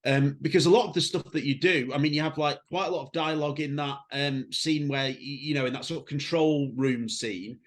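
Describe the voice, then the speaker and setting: A man interviewing a guest, asking long questions with many pauses and fillers. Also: a little high. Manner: hesitant, lots of fillers while asking.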